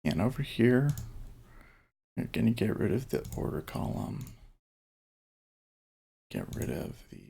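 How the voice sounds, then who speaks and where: A man's voice: mid-range voice, big pitch swings, unhurried, gravelly, pauses often, warm tone, slightly rough. A man casually thinking aloud as he day-trades on a live stream, talking in fits and starts. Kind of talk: casual live-stream commentary while trading.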